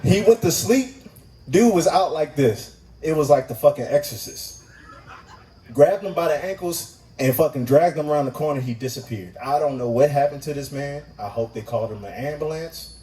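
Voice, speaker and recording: A man's voice: fairly high pitch, moderate pace, distant mic, a little hiss or hum, rough recording. A man doing stand-up at an open mic, telling a profane story and acting out the people in it. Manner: profane, animated, acts out voices in his story. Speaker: stand-up comic. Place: live open mic venue.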